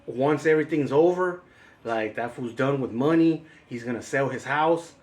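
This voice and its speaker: A man's voice: mid-range voice, moderate pace, a little mellow. A man co-hosting a casual movie chat, rambling and acting out scenes in raised voices. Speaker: podcast co-host.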